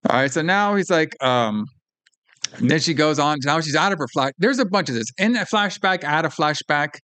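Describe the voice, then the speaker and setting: A man's voice: on the high side, moderate pace. A man co-hosting a podcast, casually retelling a film's plot and acting out the characters' lines. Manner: animated retelling, acts out lines, swears. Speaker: podcast co-host. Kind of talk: casual film recap chat.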